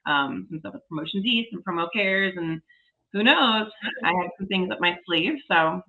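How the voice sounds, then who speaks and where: A woman's voice: fairly low pitch, lively intonation, normal speed, pushed and bright, highs cut off. A woman in her forties, a podcast guest, telling a story in casual, enthusiastic chat.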